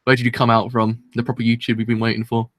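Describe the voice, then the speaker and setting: A man's voice: mid-range voice, monotone, quick pace, slight background noise. A man hosting a live anime reaction, talking in a rambling, chatty and self-deprecating way and laughing often.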